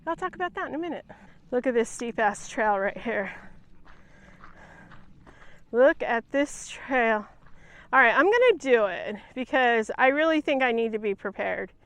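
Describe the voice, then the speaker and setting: A woman's voice: a little high, lively intonation, measured pace, pauses often, a bit bright, dry recording. A woman vlogging casually while hiking outdoors on a hillside trail, a little out of breath, chatty and chuckling as she talks to her dog, recorded on a handheld pocket camera. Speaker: travel vlogger.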